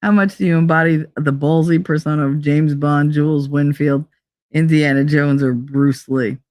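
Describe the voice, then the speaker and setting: A woman's voice: low voice, fairly even intonation, normal speed, darkish tone, no echo. Young woman streaming, blunt and sweary, joking around, dead dry mic. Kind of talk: casual chat reading online quizzes aloud.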